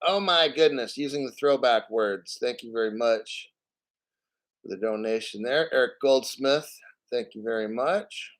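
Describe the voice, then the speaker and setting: Blunt, profane crypto stream host. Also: male voice, medium pitch, a little slow, a bit bright. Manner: frequent throat clearing. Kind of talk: casual livestream rant reading donations.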